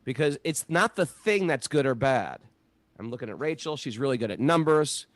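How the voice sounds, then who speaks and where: A middle-aged man in a relaxed spiritual talk, telling stories with lively acted-out voices. His voice sits in a middle pitch. The recording is dry and close, with no room sound. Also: moderate pace, no room sound. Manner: animated storyteller, acts out quotes. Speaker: podcast co-host.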